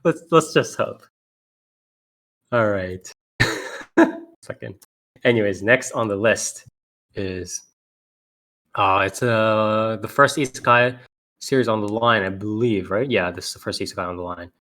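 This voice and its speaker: A man's voice: fairly low pitch, a little slow, pauses often, pushed and bright. Laughing, loose male podcast host. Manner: laughs often, swears casually, stumbles over names. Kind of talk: casual podcast chat reading anime previews.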